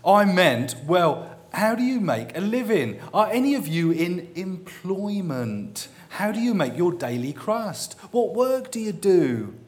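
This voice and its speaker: A man voicing a polite young gentlewoman, out of her depth, halting and groping for words. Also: high voice, very animated, voice pushed up. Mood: flustered.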